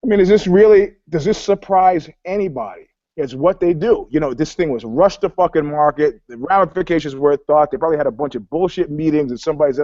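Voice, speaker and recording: A man with a fairly high voice rambles through profane stories in a casual podcast chat, acting out quotes as he goes. He talks over a video call, and the sound is dull and dry. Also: expressive, normal speed, darkish tone, no echo. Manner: profane, rambling storyteller who acts out quotes. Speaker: panelist.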